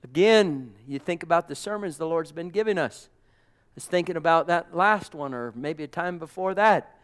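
A man preaching a sermon with passion, calling out amens and praise to the congregation, dropping to a hush and then rising to loud exclamations. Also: fairly high pitch, moderate pace, smooth. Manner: impassioned, swings from hushed murmurs to loud exclamations; calls out amen and praise God to the congregation.

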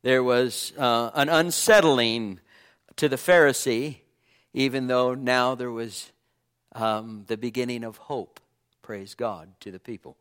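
Earnest male preacher, hushed at times. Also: mid-range voice, takes it slowly, clear, resonant tone. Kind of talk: sermon.

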